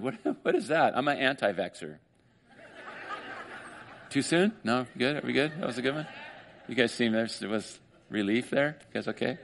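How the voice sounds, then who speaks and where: A man's voice: medium pitch, a little fast, fairly bright tone. A man preaching a sermon as pastor, conversational, with joking asides to the congregation.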